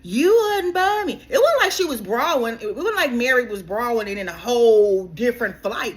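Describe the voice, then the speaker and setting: A woman's voice: fairly high pitch, moderate pace, hardly any pauses. A woman recapping a reality show in a casual, exasperated way, talking straight to the cast and calling them girl. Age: adult. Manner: animated, exasperated, talks straight to the cast, keeps saying girl.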